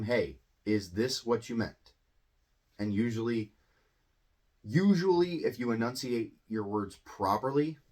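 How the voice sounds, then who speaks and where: Man, lowish voice, casual english teacher, rambles and restarts. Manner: rambling, repeats and restarts words. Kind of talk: casual spoken lesson.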